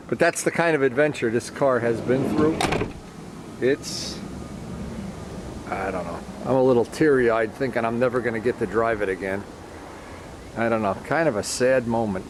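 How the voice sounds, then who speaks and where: A man talks casually to the camera in a middle-pitched voice. He rambles and grows sentimental, leaving many sentences unfinished. A faint hum of background noise sits under his voice. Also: normal speed, long pauses. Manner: rambling, sentimental, often trails off mid-sentence. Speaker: vlogger.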